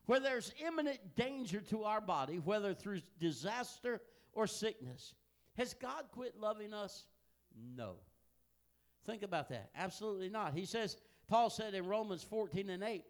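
An older man preaches in a folksy, storytelling way. His voice sits high and leaps widely in pitch, dropping to hushed asides and then climbing to loud, emphatic peaks. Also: animated, normal speed. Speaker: pastor. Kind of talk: sermon.

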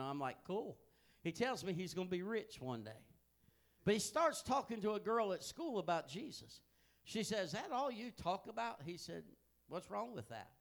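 An older man preaches in a folksy, storytelling way. His voice sits high and leaps widely in pitch, dropping to hushed asides and then climbing to loud, emphatic peaks. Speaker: pastor. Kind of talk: sermon.

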